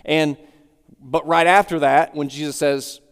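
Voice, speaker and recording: A man's voice: a little high, steady tone, measured pace, clean tone. Man preaching in a reverberant hall. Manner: explains verse by verse, with repeated phrases. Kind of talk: expository sermon.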